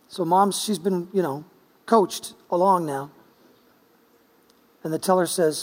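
A man's voice: high-pitched, measured pace, long pauses, a little mellow. A man preaching a sermon in a church sanctuary, telling a story in a playful, chatty way. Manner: playful, chatty, with quoted dialogue. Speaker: pastor. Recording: long church-hall reverb.

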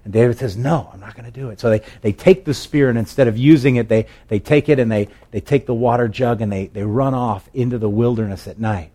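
Male pastor, mid-pitched, preaches like he's telling a story, loose and chatty with restarts. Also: brisk, hardly any pauses, dark tone. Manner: conversational storytelling with fillers and restarts. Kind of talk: sermon.

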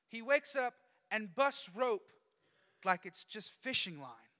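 A lively preacher with a high, bright, forceful voice, telling a story in a conversational, jokey way. His words ring out with a long hall reverb behind them. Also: slow, pauses often. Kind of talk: sermon storytelling.

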